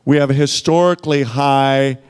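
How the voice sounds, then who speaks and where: A man's voice: medium pitch, steady tone, moderate pace, a little mellow, clean tone. A man giving a motivational sales training, emphatic and full of rhetorical questions, speaking into a handheld microphone. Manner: emphatic, peppered with rhetorical "okay?" and "right?".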